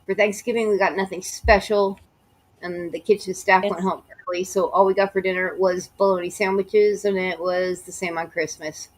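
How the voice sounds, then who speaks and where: A woman with a slight Southern US accent, reading emails aloud and breaking in with blunt, mocking asides. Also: medium pitch. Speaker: YouTuber reading letters aloud. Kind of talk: reading emails with sarcastic commentary.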